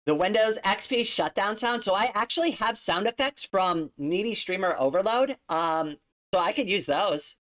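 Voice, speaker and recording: A woman's voice: medium pitch, lively intonation, moderate pace, fairly bright tone. A woman streamer chatting casually at home on a desktop mic, rambling with lots of fillers and frequent giggles. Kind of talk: casual livestream chat.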